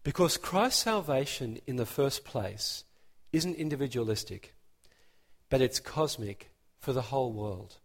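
A man preaching a sermon, emphatic and animated, building his points with rising emphasis. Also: medium pitch, a little slow, big-room sound.

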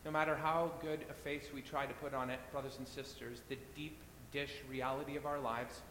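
Bright-voiced man preaching in an echoey hall. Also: flat delivery, a little fast. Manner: earnest, repeating phrases for weight. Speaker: pastor. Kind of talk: sermon. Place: church. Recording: echoey church hall, faint rumble.

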